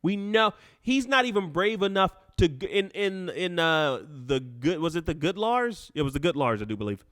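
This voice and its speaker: Bright, excitable man hosting a live show. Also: high voice, moderate pace, hardly any pauses, dry recording, studio quality. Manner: animated, laughs often, talks over himself. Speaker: call-in show host. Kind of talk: live call-in show chat.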